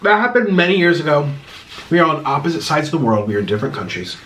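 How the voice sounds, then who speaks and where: A man's voice: fairly high pitch, very animated, quick pace, fairly bright tone, a little hiss or hum, rough recording. Casual man talking while eating spicy food. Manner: casual, rambling, chews and clears throat between lines. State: mouth burning from spicy food. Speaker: vlogger. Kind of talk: eating vlog and Q&A.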